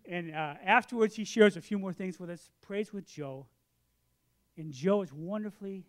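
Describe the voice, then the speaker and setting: A man in his sixties delivering a sermon, his voice sitting high. He tells stories with energy and acts out both sides of a conversation. Then he settles into a quieter, earnest tone for the point he is making. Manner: drops to a quiet, earnest tone for the lesson. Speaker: preacher. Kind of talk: sermon with storytelling.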